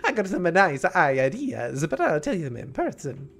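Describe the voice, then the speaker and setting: A man's voice: on the high side, huge pitch swings, normal speed, creaky, fairly bright tone, slight background noise, exaggerated voice. A man putting on an exaggerated Italian accent to read out a note from a cheery middle-aged uncle who directs films. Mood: cheerful. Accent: put-on Italian. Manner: exaggerated, sing-song, bubbly. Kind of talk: reading a game note aloud in character.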